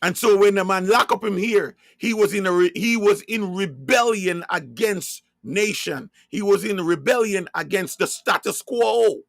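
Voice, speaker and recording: A man's voice: sits high, measured pace, gravelly, few pauses, no echo, clean studio sound. A man from Jamaica with a Jamaican accent, preaching emphatically in a livestreamed religious talk and asking rhetorical questions.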